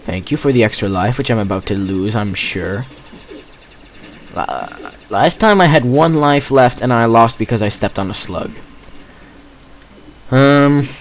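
A teenage boy doing gameplay commentary, rambling and jokey with self-mocking asides. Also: medium pitch. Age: teens. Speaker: let's play gamer.

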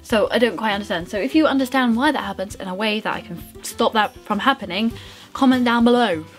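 A woman's voice: fairly high pitch, fast, faint music behind. A young woman talking through her makeup routine in a bubbly, rambling, self-mocking way. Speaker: beauty vlogger. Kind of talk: casual makeup tutorial chat.

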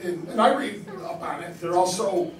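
A man's voice: sits high, normal speed, slight background noise. An older man doing a crude, self-deprecating stand-up set on a comedy club stage. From New York. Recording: roomy live club sound from a distance. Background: laughing audience.

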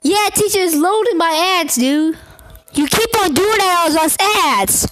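A woman with a very high, piping voice reacts to a game in loose, unhurried commentary. She scolds what she sees with blunt, coarse words and suddenly flares into shouts. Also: dry recording. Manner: excitable, bursts into shouts and gasps. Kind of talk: casual gameplay reaction commentary.

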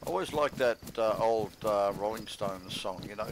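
A man with a New Zealand accent streaming a survival game, chatting excitedly with his squad and swearing freely. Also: lowish voice, normal speed. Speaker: streamer, channel host. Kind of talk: casual gaming voice chat. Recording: noisy game voice-chat mic.

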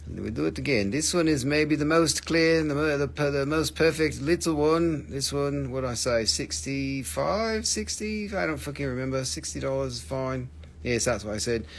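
A man hosting a live sale of stones, talking in halting, broken English with fillers while he names prices. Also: mid-range voice, vocal fry. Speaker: host of a live crystal sale. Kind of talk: live sales patter. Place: shop, indoors.

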